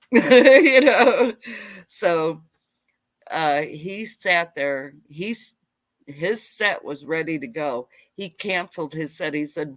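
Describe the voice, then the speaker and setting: A woman's voice: sits low, slow, dry recording. Rambling middle-aged woman telling stories. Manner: rambling, animated, side-tracked. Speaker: homestead channel host. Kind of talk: casual live storytelling. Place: home livestream.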